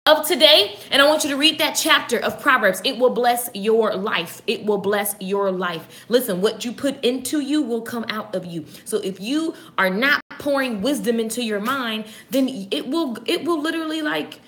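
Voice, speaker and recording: A woman hosting a casual inspirational live stream, energetic and chatty, greeting viewers by name. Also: sits high, normal speed, few pauses.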